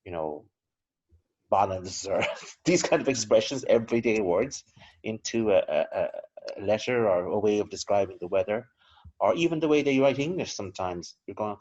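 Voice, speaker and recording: Man, low voice, historian guest, rambling anecdotal delivery, dull lo-fi audio. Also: animated, moderate pace, darkish tone, slightly rough. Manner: discursive, anecdotal, chuckles between points. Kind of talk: relaxed conversational interview. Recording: slightly dull lo-fi recording.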